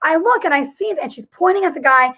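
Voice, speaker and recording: A woman's voice: high-pitched, expressive, fairly quick, bright, forceful tone. A woman co-hosting a comedy podcast, telling stories in an emphatic, indignant way. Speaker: podcast co-host. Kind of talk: comedic casual chat.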